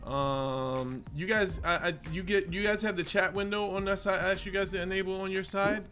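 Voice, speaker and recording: A man hosts a laid-back livestream, greeting viewers by name and reading out where they are tuning in from. His voice sits a little high. Faint music plays behind him. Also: normal speed. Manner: reads out viewer check-ins, relaxed, with fillers. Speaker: host of a group livestream. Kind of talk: casual livestream chat.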